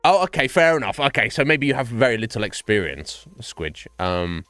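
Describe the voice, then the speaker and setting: Male streamer, rambling chat; animated delivery, dry mic. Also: mid-range voice, moderate pace, no room sound, faint music behind. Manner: rambling, laughs often, swears. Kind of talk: casual chat with viewers.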